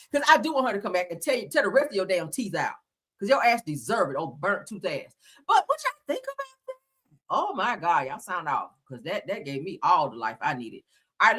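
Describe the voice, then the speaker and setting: A woman hosting a casual gossip commentary show, sassy and laughing, reading people down with slang. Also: mid-range voice. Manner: loud, sassy, laughing, drawn-out mock singing. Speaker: commentary channel host.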